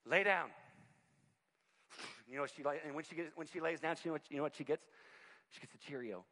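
A man in his forties preaching a sermon, telling personal stories in an animated, conversational way with self-deprecating humor. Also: fairly high pitch, very fast. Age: 40s. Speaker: pastor.

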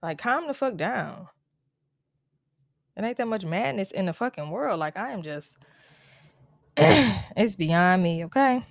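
A woman's voice: mid-range voice, no room sound. Blunt, exasperated woman podcast host. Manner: blunt, exasperated, profane, with frequent "like" fillers. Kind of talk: casual solo podcast rant.

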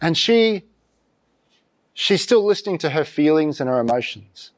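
A pastor preaching a sermon in church, talking conversationally and throwing out rhetorical questions in an animated way. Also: male voice, on the high side, normal speed, long pauses.

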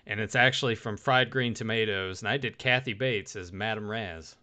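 A man chatting casually on a podcast, joking around and slipping into goofy quoted voices. His voice is bright and clear, with a crisp, resonant tone. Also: fairly low pitch, normal speed. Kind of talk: casual chat.

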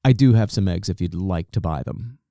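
A man co-hosting a comedic news podcast in a deep radio voice. He delivers his jokes in a wry, deadpan way. The recording is dry and close. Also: fairly quick, no echo. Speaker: podcast co-host.

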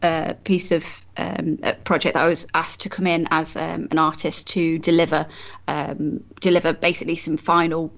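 Woman, podcast guest photographer; low-ish, chatty, warm restarts and fillers. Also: level tone, normal speed, vocal fry. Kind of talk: casual podcast conversation.

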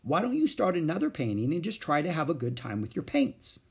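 A man voicing a gentle woman art teacher. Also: on the high side, huge pitch swings, a little fast, slightly rough, pitched above the performer's own voice, heavily acted. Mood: encouraging.

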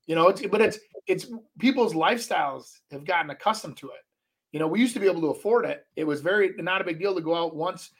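A man's voice: high-pitched, lively intonation, fast, vocal fry, slightly rough. A middle-aged man co-hosting a casual podcast, telling long rambling stories full of restarts. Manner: rambling storyteller, many restarts. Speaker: podcast co-host. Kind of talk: casual chat.

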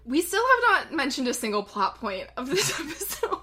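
Young woman co-host, bright and a bit high, giggly rambling chat. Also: big pitch swings, normal speed. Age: young adult. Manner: giggly, rambling storytelling with frequent laughter. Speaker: podcast co-host. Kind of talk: casual chat.

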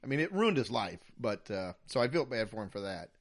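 A man co-hosting a podcast in casual chat, animated and mocking, dropping into impressions now and then. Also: fairly low pitch, brisk. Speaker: podcast co-host.

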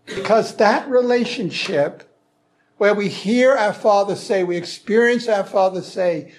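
A man's voice: high voice, animated, slow pace. A man giving an earnest, prayerful sermon-style teaching, asking rhetorical questions. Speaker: Christian teacher.

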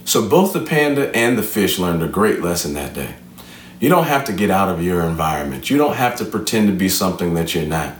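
A low-voiced man tells a story and turns it into an earnest, uplifting lesson, his pitch rising and falling widely. He sounds preacherly, and he is heard from a distance in a room with a noticeable echo. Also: sing-song, a little fast, a little hiss or hum. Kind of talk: motivational storytelling talk.

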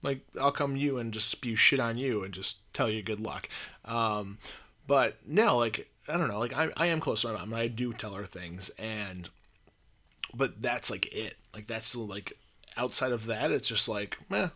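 A man co-hosting a casual podcast, chatting loosely and circling his thoughts. His voice is bright and lands at an average pitch. He trails off, restarts and leans on "like" constantly. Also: moderate pace. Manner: rambling, hesitant, full of "like" fillers. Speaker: podcast co-host. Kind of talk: casual chat.

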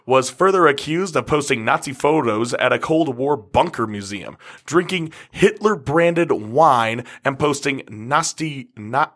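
A man's voice: medium pitch, expressive, unhurried, few pauses, a bit bright. Sarcastic swearing man reading news stories. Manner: crude, sarcastic, swears a lot. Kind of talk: casual podcast chat. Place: recording studio.

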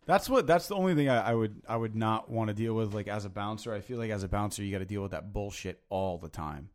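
A man's voice: on the low side, lively intonation, fast talker. A man who works as a DJ chatting casually, laid-back, agreeing and swapping stories, swearing now and then. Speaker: podcast co-host, DJ. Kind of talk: casual chat.

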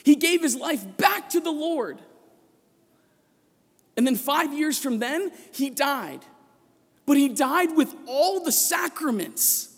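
A man preaching a sermon as a priest, telling a personal story with passion and rising to shouts at the peaks, recorded in a church. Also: very high voice, lively intonation, slow, long pauses. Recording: long echo of a large church.

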